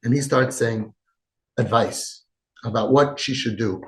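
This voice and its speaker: A man hosting a parenting podcast, giving impassioned advice with shifts between loud and soft and acting out quoted lines. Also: medium pitch, a little slow, pauses often. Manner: emphatic, acts out quoted dialogue, swings between loud and soft. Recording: echoey room.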